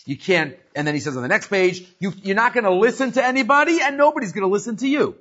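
A man's voice: high voice, quick pace. A man teaching a casual religious class, telling stories animatedly and often restarting his sentences. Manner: animated storyteller with frequent restarts. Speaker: Torah teacher. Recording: muffled lo-fi recording.

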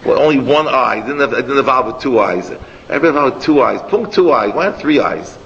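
A man teaching a Torah class as a rabbi, animated and rambling, sprinkling Hebrew and Yiddish words into his talk. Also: mid-range voice, fast, vocal fry. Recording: long hall echo, dull lo-fi, faint noise.

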